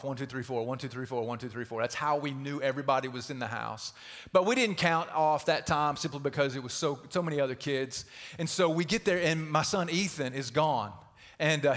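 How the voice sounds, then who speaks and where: A middle-aged man preaching a sermon as pastor. He tells stories in a conversational way, going from loud to hushed. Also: fairly high pitch. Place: church auditorium. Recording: reverberant church hall.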